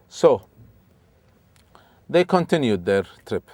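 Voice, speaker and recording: A man telling a religious story as a lesson, animated, with sudden emphatic rises and frequent restarts. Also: mid-range voice, unhurried, long pauses, no room sound. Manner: speaks with restarts and repeats. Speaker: religious lecturer.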